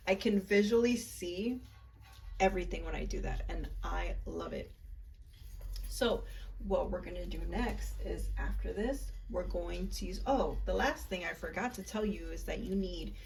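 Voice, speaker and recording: A woman's voice: fairly low pitch, vocal fry, a little mellow. A woman vlogger casually explaining a ritual in a chatty, rambling way with lots of fillers. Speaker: spiritual vlogger. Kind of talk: casual instructional chat. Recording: voice a bit far from mic, faint room noise.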